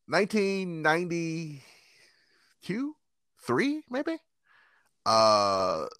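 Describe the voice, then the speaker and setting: A man telling stories in a casual chat, animated and profane, often laughing. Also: mid-range voice, dry recording, studio quality.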